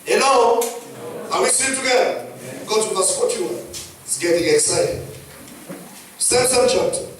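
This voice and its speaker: Kenyan man, pastor preaching, high voice, emphatic with loud and hushed swings, very echoey hall, mic at a distance. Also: expressive, unhurried, pauses often, slight background noise. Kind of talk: sermon. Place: church hall.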